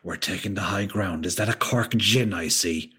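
A man reading a story aloud, voicing a fey, thin, theatrical son with a raspy voice. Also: deep voice, moderate pace, fairly bright tone, heavily acted. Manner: flamboyant, grandly theatrical.

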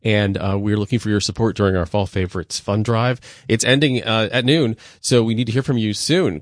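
A man's voice: on the low side, fairly even intonation, no echo, clean studio sound. Male radio host making a pledge appeal. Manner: brisk, repeats phone number and totals. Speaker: radio station host running a fund drive. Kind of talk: on-air fundraising appeal. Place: radio studio. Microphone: studio microphone.

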